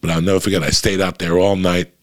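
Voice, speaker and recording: A man's voice: low voice, flat delivery, fast talker. A male comedian from New Jersey telling a long, profane anecdote in casual chat, rambling with many restarts.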